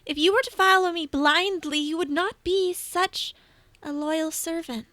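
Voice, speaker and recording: A woman voicing a regal cat goddess elder who speaks softly, measured and motherly. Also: extremely high pitch, no room sound, voice pushed up, exaggerated voice. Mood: tender.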